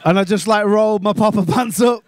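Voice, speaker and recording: A Liverpool man in his twenties doing a stand-up set, swearing freely and mocking people with quick put-on voices. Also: sits high. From England. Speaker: stand-up comedian. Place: comedy club stage.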